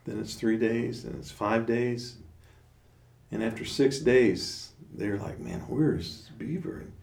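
Male storyteller, low and gravelly, halting, recorded in a roomy room from afar. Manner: relaxed, halting, with fillers. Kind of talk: oral storytelling. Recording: roomy, distant mic.

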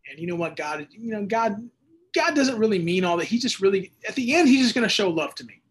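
A man's voice: high voice, lively intonation, brisk. A man hosting a Bible teaching show, reading listener texts and talking casually, with bursts of emphatic preaching.

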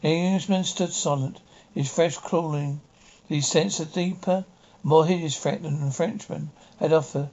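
A man reading a short story aloud with dramatic pauses. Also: fairly high pitch, fairly even intonation, darkish tone, lo-fi sound, slight background noise. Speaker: audiobook reader. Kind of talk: storybook narration.

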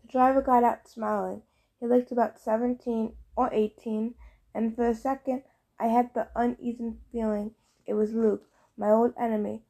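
A woman narrating a fantasy novel as an audiobook reader, in a steady storytelling read. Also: on the high side, moderate pace, vocal fry.

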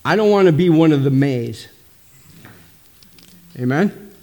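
Middle-aged pastor, slightly high voice, punchy preaching with constant "amen?" calls. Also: male voice, animated, unhurried, dark tone. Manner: emphatic, frequent calls of "amen?". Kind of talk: sermon.

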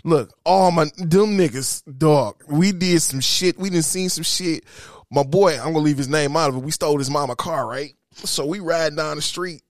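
A man, telling rowdy stories in a profane, animated casual chat. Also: a little high, moderate pace, no room sound, clean studio sound. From Detroit, Michigan.

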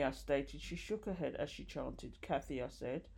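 A woman reading a nonfiction book aloud, expressive and lively, with occasional slips and restarts, lifting her voice for quoted dialogue. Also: rumbling low, a little slow, creaky, few pauses, breathy edge. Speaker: audiobook reader.

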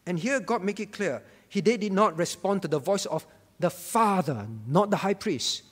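A man's voice: high-pitched, animated, normal speed. Pastor guy preaching, keeps repeating stuff and asking the crowd questions, big echoey hall. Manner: emphatic, repeats key phrases and asks the congregation questions. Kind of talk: sermon. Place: church.

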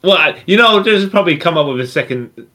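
A man's voice: on the high side, expressive, fast talker, bright, forceful tone. A man co-hosting a podcast in casual chat, adding his own asides and jokes about the film. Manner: chatty, laughs along, adds asides. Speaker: podcast co-host.

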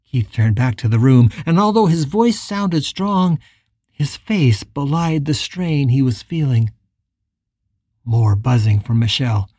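A calm, measured audiobook narration in a mellow, slightly husky voice. It is recorded close and dry, with no room sound at all. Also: medium pitch, no echo. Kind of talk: scripted narration.

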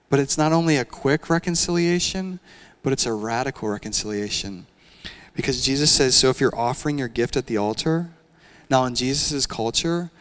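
A young man delivers a sermon in a relaxed, conversational way and talks to the congregation like friends. His voice sits in a middle pitch, and his delivery swings between lively, emphatic stretches and quiet asides. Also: normal speed. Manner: conversational, animated preaching with frequent "like" fillers. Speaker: pastor.

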